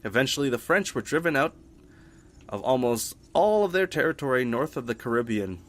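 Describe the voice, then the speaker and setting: A man's voice: mid-range voice, very animated, brisk. A man reading history entries from a game aloud, with playful joking asides and frequent stumbles over words. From Britain. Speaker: gaming YouTuber.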